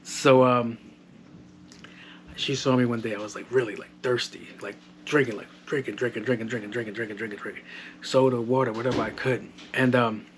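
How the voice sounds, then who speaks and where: A man's voice: medium pitch, steady tone, a little fast. A man hosting a casual solo podcast from home, loose and joking, swearing freely, on a modded home mic. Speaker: podcast host. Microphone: modded home microphone. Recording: faint household background noise. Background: household background noise.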